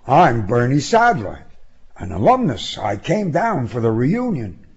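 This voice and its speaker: A man's voice: mid-range voice, huge pitch swings, unhurried, husky, dull audio, full character voice. A man reading a story, voicing an eager young man who pleads and presses to talk. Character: eager young man, former school president.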